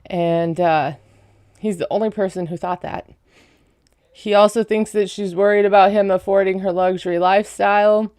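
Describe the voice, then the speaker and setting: A woman's voice: medium pitch, fairly even intonation, moderate pace, darkish tone, dry recording, studio quality. A woman giving a casual, chatty recap of a reality show, full of sarcastic asides.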